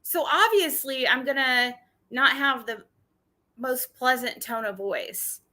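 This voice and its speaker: A livestream host with a high, bright, forceful voice chats casually but is blunt and combative. She swears often and speaks haltingly, frequently restarting her sentences.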